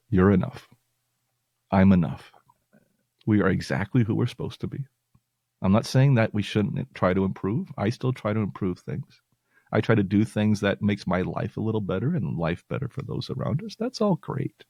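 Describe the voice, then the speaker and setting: Earnest low gravelly man. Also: darkish tone, no echo. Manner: earnest, reassuring, gets emotional. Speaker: podcast host. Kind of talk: heartfelt personal talk to listeners.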